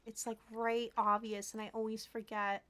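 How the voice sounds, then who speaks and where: A young woman livestreaming a cozy game, talking sweetly and gushing to her chat, with soft laughs and frequent throat clearing. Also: a little high, little pitch movement, moderate pace. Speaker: streamer. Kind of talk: casual gameplay livestream chat. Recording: faint background noise.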